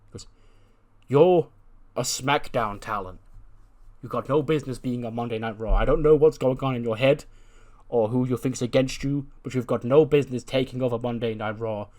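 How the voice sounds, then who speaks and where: A man casually narrating a wrestling game, retelling each character's promo in quick, filler-heavy speech. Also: mid-range voice, darkish tone. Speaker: let's-play narrator.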